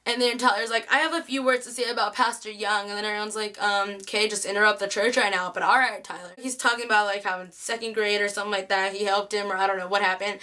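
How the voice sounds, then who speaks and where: A young woman chatting excitedly through a TV episode recap, acting out the characters' lines. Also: mid-range voice, fast talker, few pauses. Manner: chatty, excitable, acts out quotes. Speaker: TV recap vlogger.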